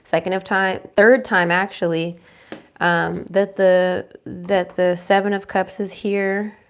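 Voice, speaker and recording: A woman's voice: medium pitch, flat delivery, slow, smooth. A young adult woman giving a casual, reassuring tarot reading who murmurs her questions to the cards. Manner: chatty, reassuring, asks the cards aloud in a murmur. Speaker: tarot reader.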